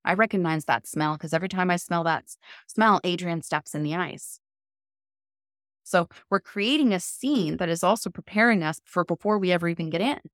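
A woman guest on a podcast interview, explaining a method in a calm, measured, coaching tone. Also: lowish voice, no echo, studio quality. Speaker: guest, cold immersion method founder.

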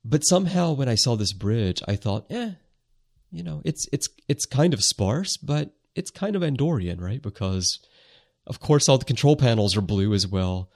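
A man's voice: medium pitch, big pitch swings, moderate pace. A man hosting a casual fan podcast who talks in a thoughtful, descriptive way and uses filler words. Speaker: podcast host. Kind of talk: casual chat.

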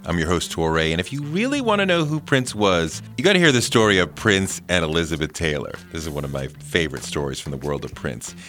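A male host opens the episode with an emphatic, scripted introduction. His voice is very deep yet extremely lively in pitch, and music plays softly beneath him. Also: a little fast, few pauses. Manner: enthusiastic, emphatic. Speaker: podcast host.

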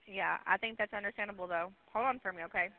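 A woman's voice: mid-range voice, fast. Curt, stern woman dispatcher. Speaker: emergency dispatcher. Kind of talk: emergency phone call. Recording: tinny phone line.

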